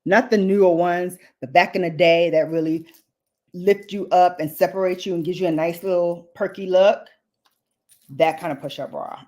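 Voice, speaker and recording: A woman's voice: lowish voice, steady tone, moderate pace, a little mellow. A woman vlogging a makeup demo in a chatty, playful way, full of slangy asides to her viewers. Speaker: beauty vlogger. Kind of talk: casual makeup demo chat.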